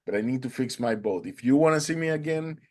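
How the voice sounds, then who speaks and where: A man voicing a fisherman who yells urgently from his boat during a storm. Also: medium pitch, lively intonation, fast talker, lightly acted. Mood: kind. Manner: urgent, yelling. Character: gruff middle-aged male fisherman shouting over storm.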